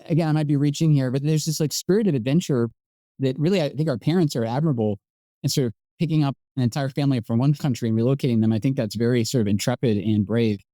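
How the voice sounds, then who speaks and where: Quick, mellow-voiced Scottish-born man as podcast host, reflective and modest, dry close sound. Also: medium pitch, no echo. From Scotland. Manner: fast, thoughtful and self-deprecating. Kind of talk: conversational interview.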